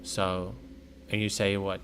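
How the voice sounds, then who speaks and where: Low and completely flat, this man's voice moves slowly with a slightly bright quality over light background noise. He's a streamer looking through car ads, musing in slangy, profane live commentary punctuated by sudden outbursts.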